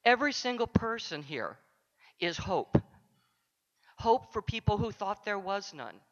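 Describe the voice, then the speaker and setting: A woman's voice: mid-range voice, very animated, unhurried. A woman counselor giving a heartfelt acceptance speech, speaking directly to the audience. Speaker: award recipient, counselor. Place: conference luncheon hall. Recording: dull sound in a large echoing hall.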